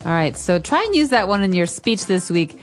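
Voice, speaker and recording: A woman's voice: medium pitch, sing-song, fairly quick, faint music behind. Woman explaining English phrases. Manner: clear, friendly explaining with example sentences. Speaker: English teacher and podcast co-host. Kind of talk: teaching English lesson.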